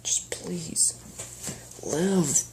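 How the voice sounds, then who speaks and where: A man's voice: on the high side, lively intonation, unhurried, background noise, voice pushed up. A man voicing a grieving male chaos spirit who pleads desperately and breaks into strained whispers. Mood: pleading grief.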